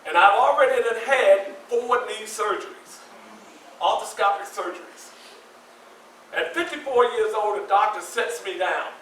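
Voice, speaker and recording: A man in his sixties telling a personal story live to an audience, animated and acting out scenes. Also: high-pitched, unhurried, slight background noise. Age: 60s. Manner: animated, acts out scenes with voices and shouts. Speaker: featured storyteller. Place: community center hall. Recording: echoey room from a far mic, faint ambience.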